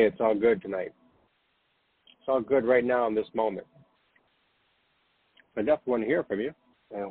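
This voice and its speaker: A man hosting a late-night spiritual podcast, gently reassuring listeners and guiding them to breathe and relax. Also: medium pitch, husky, dry recording. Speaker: podcast host. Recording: dry, phone-like narrow sound.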